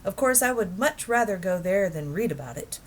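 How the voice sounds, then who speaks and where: A woman's voice: medium pitch, lively intonation, moderate pace, close to an everyday voice. A woman reading a children's book aloud, voicing an eager, dreamy middle-aged man who is enthusiastic about penguins. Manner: enthusiastic, wondering.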